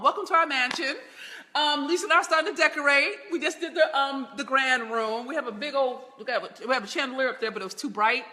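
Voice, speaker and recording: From a large room in her Baltimore home, a middle-aged business mentor hosts a live stream, laughing often and greeting viewers by name. Her voice is high with a sharp tone, and the audio carries a big-room sound.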